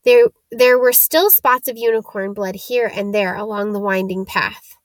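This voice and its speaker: A woman narrating a children's storybook in a steady, expressive read. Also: mid-range voice, unhurried, no room sound. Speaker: audiobook narrator.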